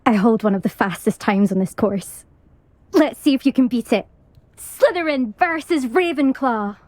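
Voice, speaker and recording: A woman's voice: a little high, lively intonation, normal speed, darkish tone, no echo, close to an everyday voice. An actress playing a brash young female Quidditch captain who taunts her rival in a video game. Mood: taunting. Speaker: student rival.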